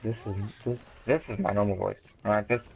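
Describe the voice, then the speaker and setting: A man's voice: on the low side, flat delivery, a little fast, vocal fry, poor audio. A teenage boy, co-hosting a casual podcast chat, rambling and correcting himself as he jokes. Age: teens. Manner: rambling, self-correcting, joking. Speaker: podcast host.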